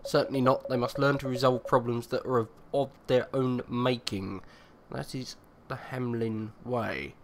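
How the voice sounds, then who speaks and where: A man's voice: medium pitch, steady tone, unhurried, hardly any pauses, slight background noise, natural voice. A man doing a pompous, scornful older male emperor voice while reading game dialogue aloud. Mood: haughty. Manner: mocking, pompous laugh and formal speech. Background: game music.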